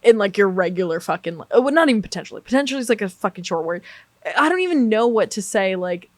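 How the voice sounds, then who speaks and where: A young American woman chatting on a podcast in a dry, close-miked sound. She talks animatedly, swears freely and acts out quoted back-and-forths. Her pitch sits in an ordinary middle range. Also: very animated, fast talker, no echo. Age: young adult. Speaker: podcast guest. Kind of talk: casual chat.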